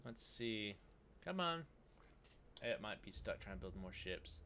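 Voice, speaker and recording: A man's voice: fairly low pitch, sing-song, unhurried, bright, forceful tone, a little hiss or hum. A man casually commentating his own strategy game playthrough, muttering to himself and grumbling at the game. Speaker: gaming YouTuber. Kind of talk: casual let's-play commentary.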